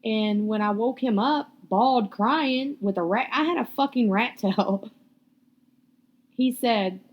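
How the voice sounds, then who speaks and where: A woman's voice: fairly high pitch, slow, dull audio. A young woman, hosting a podcast and telling a personal story in a blunt, profane, candid way. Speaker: podcast host.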